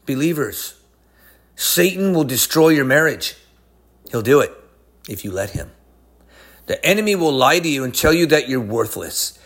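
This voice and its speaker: A man preaching a sermon, emphatic, swinging between high excited lines and low hushed ones. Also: moderate pace, long pauses.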